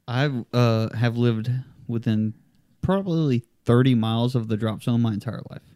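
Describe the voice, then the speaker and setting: A man from Texas in casual chat, speaking haltingly with many restarts. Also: medium pitch, dark tone, clear, resonant tone, no echo, clean studio sound. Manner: halting, restarts often, laid-back.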